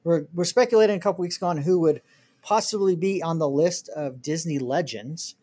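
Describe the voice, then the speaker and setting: A man's voice: fairly high pitch, a little fast, mellow, breathy edge. Hesitant man chatting on a podcast. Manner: hesitant, restarts often. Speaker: podcast co-host. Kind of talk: casual chat.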